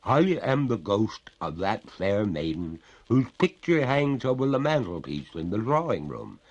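A man voicing the ghost of a drowned young woman, speaking slowly in a gurgling, stately and reproachful way in a storybook reading. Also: lowish voice, big pitch swings, muffled recording, exaggerated voice. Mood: haughty, mournful.

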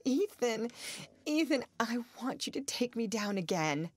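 A woman's voice: mid-range voice, lively intonation, a little slow, a little mellow, breathy edge, faint music behind. A woman voicing a desperate, tender young woman in an audiobook, speaking breathlessly and pleading.

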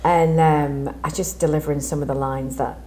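A woman, an actress, answering questions on a chat show in a warm, rambling way with many restarts. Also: low voice, fairly even intonation, a little fast. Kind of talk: casual interview chat.

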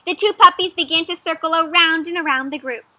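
A young woman reading a picture book aloud for children, animated, often pausing to ask her listeners questions. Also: very high-pitched, dry recording. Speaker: children's storyteller. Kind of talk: interactive read-aloud for kids.

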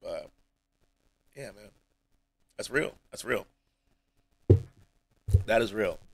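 A man's voice: on the low side, animated, extremely slow, vocal fry, a bit bright, breathy edge, no echo, poor audio. A male streamer talking to his chat in a rambling, heartfelt way, emotional and close to tears, often dropping almost to a mumble. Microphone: streaming mic.

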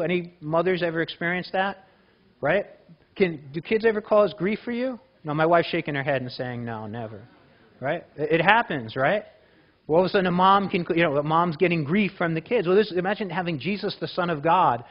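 A man preaches to a church congregation, his voice sitting high for a man. He talks in a loose, conversational way, restarting phrases and asking the listeners questions. The recording is dull and lo-fi. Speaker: pastor. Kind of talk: sermon.

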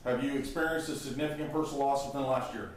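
A man, an officer, running quickly through routine booking questions. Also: medium pitch, fairly even intonation. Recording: echoey room from far off, noise.

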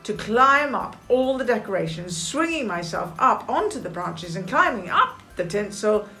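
A woman's voice: medium pitch, big pitch swings, normal speed, bright, forceful tone, faint music behind, rough recording. A woman doing an eager little snowman. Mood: determined. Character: brave little male snowman, eager and determined.

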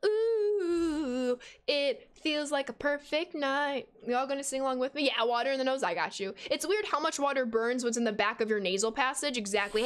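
High-voiced chatty young woman streamer. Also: a little fast, clean tone. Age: 20s. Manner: chatty, reads out and answers chat while playing; excitable, sudden high squeals of surprise. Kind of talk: casual game stream chat.

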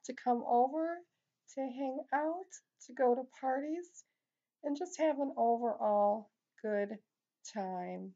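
A woman's voice: on the high side, takes it slowly, mellow, dull audio. A middle-aged woman talks straight to her vlog audience in a casual, upbeat way. She rambles a little, filling her sentences with ums and likes as she walks through her goals. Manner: chatty, upbeat, many fillers. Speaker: beauty vlogger.

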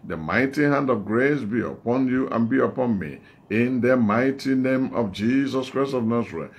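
A man's voice: medium pitch, animated, moderate pace. A man with a Nigerian English accent preaching a sermon as an evangelist, repeating his phrases in an exhorting, call-and-response way.

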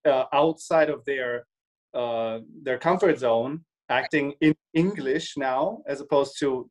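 Male co-host, slightly raised pitch, halting, restarts often, voices imagined remarks. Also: rough recording. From Germany. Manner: hesitant with many restarts, acts out imagined quotes. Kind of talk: casual discussion.

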